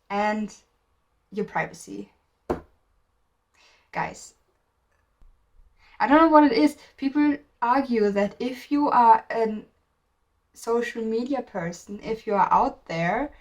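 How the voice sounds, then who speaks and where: A woman's voice: mid-range voice, darkish tone. A woman from Germany talking casually to camera in a vlog, rambling, often restarting sentences and stopping to search for words. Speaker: video creator.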